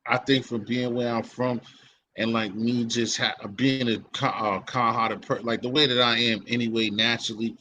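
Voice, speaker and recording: A man's voice: medium pitch, moderate pace, slight background noise, low-quality recording. A man from hosting a casual chat, rambling in street slang with many restarts. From Boston. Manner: rambling, restarts, animated quoting. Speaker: podcast host.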